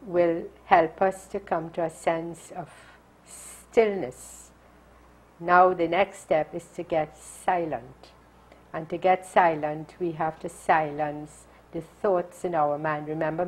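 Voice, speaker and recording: A religious sister guides a meditation in a gentle, measured way. Her voice sits a little low and has a husky, breathy edge. She speaks slowly and deliberately. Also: rough recording. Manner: calm, slow and deliberate.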